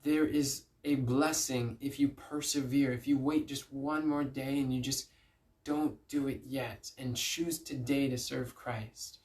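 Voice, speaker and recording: A man's voice: mid-range voice, steady tone, measured pace, a little mellow. A man giving an earnest, pleading inspirational Christian message, telling stories with emphatic repeats. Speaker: Christian speaker. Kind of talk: inspirational preaching to camera.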